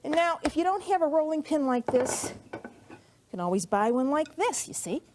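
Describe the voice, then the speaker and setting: A woman's voice: sits high, very animated, moderate pace, background noise. A middle-aged woman hosting a cooking show, explaining each step in a chatty, homey way, a bit out of breath as she rolls dough. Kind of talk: cooking demonstration.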